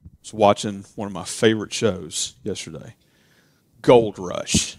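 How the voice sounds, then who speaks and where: A man preaching a casual sermon. He drifts into quiet, chatty asides and then builds to loud, emphatic peaks. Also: fairly low pitch, a little slow, dry recording. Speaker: pastor.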